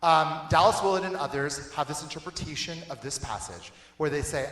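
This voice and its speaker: A young adult man giving a casual youth sermon, lively and conversational, laughing often and checking in with the listeners. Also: fairly high pitch, a little fast, few pauses, roomy sound. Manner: animated, laughing, conversational with frequent "right?" and "okay?". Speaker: youth pastor. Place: church hall.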